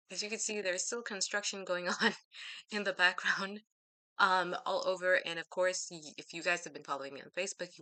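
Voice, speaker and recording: Low-pitched, bright-toned woman vlogging. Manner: chatty, rambling, self-correcting with laughs. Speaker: teacher. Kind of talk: casual chat to camera.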